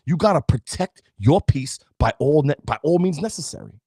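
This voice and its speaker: A man's voice: a little high, expressive, fairly quick, few pauses, darkish tone, husky, no echo, studio quality. A middle-aged man hosting a podcast, giving an emphatic, preachy motivational talk straight to his listeners. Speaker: podcast host.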